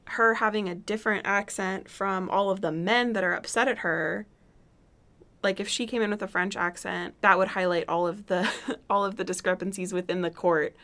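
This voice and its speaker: A woman's voice: medium pitch, a bit bright. Joking, opinionated woman podcast co-host. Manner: opinionated, joking, talkative with many fillers. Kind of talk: casual chat.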